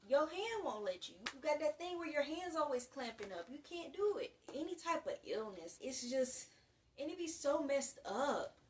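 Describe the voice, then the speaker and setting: A 19-year-old woman from the US gives a casual, slangy to-camera monologue, talking in an animated way with big swings in loudness. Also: a little high, recorded from a distance. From United States. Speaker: vlogger.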